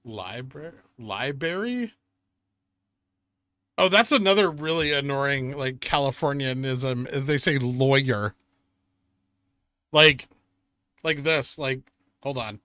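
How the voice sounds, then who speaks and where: A man chats live with his viewers, reading their messages aloud and answering with sardonic asides and frequent swearing. His voice is bright and sits at a middling pitch. The sound is close and dry, with no room in it. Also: expressive, slow pace, pauses often, no room sound. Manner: sardonic, swears often, laughs at himself. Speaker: streamer reading chat. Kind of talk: casual live-stream chat.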